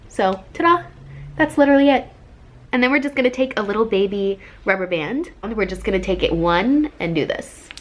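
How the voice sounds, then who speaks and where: A young adult woman chatting through a casual hair tutorial vlog, bubbly and full of side notes and self-mocking jokes, recorded by a camera on a tripod. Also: medium pitch. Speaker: vlogger.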